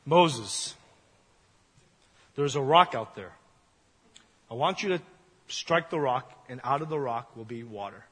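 A man preaching puts on a deep, slow, solemn voice of God, copying a famous deep-voiced actor. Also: animated, fairly bright tone, breathy edge. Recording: long hall reverb.

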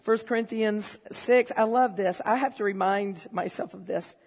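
A woman preaching a sermon in a church, telling stories and swinging from low, confiding talk to shouted excitement. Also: moderate pace, husky. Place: church hall. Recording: long hall reverb.

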